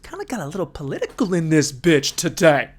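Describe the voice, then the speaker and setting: A man's voice: fairly high pitch, very animated, a little fast. A man hosting a solo comedy podcast, ranting crudely and energetically. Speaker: podcast host.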